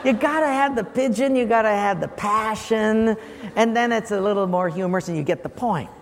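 Pastor, male, very high voice, animated storytelling sermon; big hall reverb. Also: fairly quick. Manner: animated, acts out quoted callers. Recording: long hall reverb, faint room noise.

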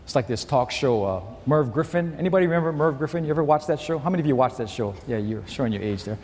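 A man's voice: mid-range voice, lively intonation, fast, long reverb tail. A man preaching a sermon to a congregation, telling a story and acting out the quoted lines. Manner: storytelling, acts out quotes and shouts. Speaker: pastor.

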